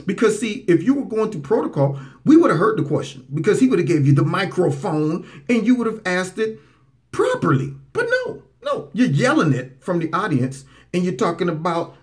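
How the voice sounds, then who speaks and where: A man hosts a political commentary show, answering clips with mockery. His voice sits a little high and swings widely, jumping up for sarcastic impressions. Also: moderate pace. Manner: animated, mocking, swoops into high voices for impressions.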